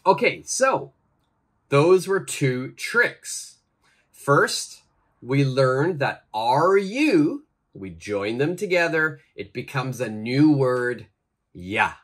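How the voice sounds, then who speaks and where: A man teaching English pronunciation, leading slow repeat-after-me drills with deliberate, exaggerated pronunciation and encouraging praise. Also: medium pitch, sing-song, a bit bright.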